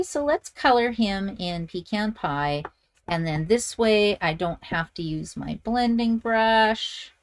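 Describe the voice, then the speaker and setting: A middle-aged woman from Canada hosting a live card-making tutorial, chatting and thinking aloud as she works and reads viewer comments. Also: medium pitch. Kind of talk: live-streamed stamping tutorial.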